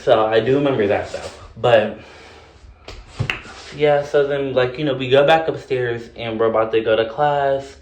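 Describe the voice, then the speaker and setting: A man's voice: mid-range voice, moderate pace. Sassy guy doing a storytime vlog, lots of "like", swears a lot, bit of room echo and faint hiss. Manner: animated, sassy, heavy filler words and cursing.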